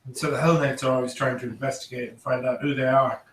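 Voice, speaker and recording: A man voicing a proud female dwarf barkeep with a merchant's outlook, in a halting way full of fillers. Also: mid-range voice, flat delivery, lightly acted. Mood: matter-of-fact. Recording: roomy, distant mic, faint noise.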